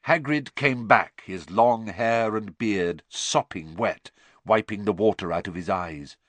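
A man narrating an audiobook with expressive storytelling, voicing every character himself. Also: fairly low pitch, unhurried, dry recording.

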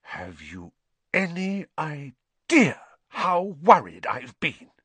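A man's voice: wildly swooping pitch, takes it slowly, fairly bright tone, slightly rough, no room sound, exaggerated voice. A man voicing a plump, furious witch mother who shrieks a scolding tirade in an audiobook. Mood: menacing. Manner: shrieking tirade, then low deadly whisper. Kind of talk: audiobook character voice.

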